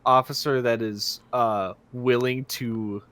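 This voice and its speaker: A man's voice: mid-range voice, fairly even intonation, takes it slowly, a bit bright. Easygoing young man on a podcast. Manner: easygoing, joking, thoughtful asides. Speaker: podcast co-host. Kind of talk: casual chat.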